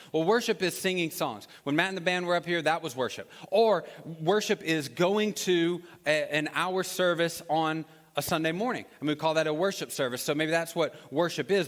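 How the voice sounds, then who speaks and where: A pastor with a notably high voice tells a story from the pulpit. He speaks in a lively, conversational way. A long reverb trails his words through the church hall. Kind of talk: sermon. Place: church auditorium.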